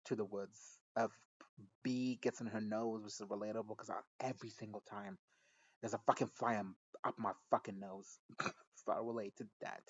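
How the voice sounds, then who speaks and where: A man's voice: lowish voice, fairly even intonation, moderate pace, breathy edge, highs cut off. Rambling, giggly man recapping a show. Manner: rambling, profane, giggly, self-interrupting. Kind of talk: casual recap and reaction.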